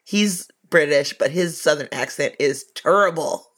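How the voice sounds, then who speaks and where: A person chiming in quickly with jokes during a casual podcast chat. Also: medium pitch, a bit bright.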